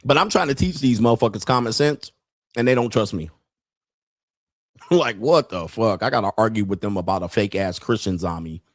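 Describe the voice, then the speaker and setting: A man's voice: lowish voice, normal speed, no echo. Blunt profane man ranting, dry sound. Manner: blunt, heavy swearing, laughs often. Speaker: podcast host. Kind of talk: profane livestream rant.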